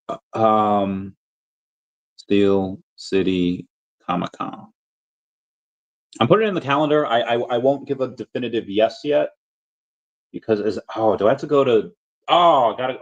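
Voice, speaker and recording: A man hosting a casual livestream, rambling and chatting with viewers, full of fillers and restarts. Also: on the low side. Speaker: livestream host. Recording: dull lo-fi audio.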